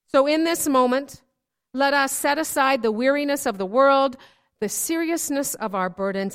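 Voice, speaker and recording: A woman leading a worship service, telling light jokes as a gentle storyteller. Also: a little high, clean tone. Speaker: worship leader.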